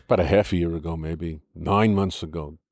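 A man's voice: deep voice, steady tone, a little fast, a little mellow, dry recording. Older American man, dry lecturing voice. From United States. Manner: argumentative, lecturing with many restarts and "look". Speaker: interview guest. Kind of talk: interview.

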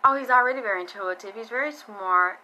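A woman's voice: a little high, quick pace, bright, forceful tone, muffled recording. A woman hosting a casual live-streamed psychic reading, chatting bluntly, swearing freely and thanking viewers by name.

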